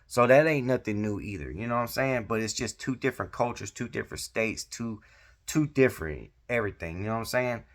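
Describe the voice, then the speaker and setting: A man's voice: on the low side, lively intonation, brisk. A man hosting a casual commentary vlog, talking in laid-back street slang with many fillers. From Georgia. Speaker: vlog host giving commentary.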